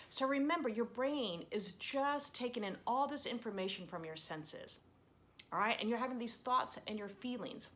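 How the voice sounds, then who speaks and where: A middle-aged woman leads children through mindful breathing, counting breaths softly and slowly. Her voice sits fairly high with a bright, clear edge. When she tells stories, she grows animated and expressive. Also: slight background noise. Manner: gentle, storytelling, animated when recounting. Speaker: mindfulness teacher. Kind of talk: guided breathing and lesson for children.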